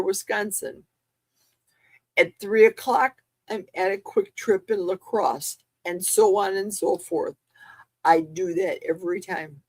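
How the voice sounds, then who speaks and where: A woman hosting a casual livestream, gasping and squealing with excitement as she reads gifts. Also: mid-range voice, dry recording, studio quality. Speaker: livestream host.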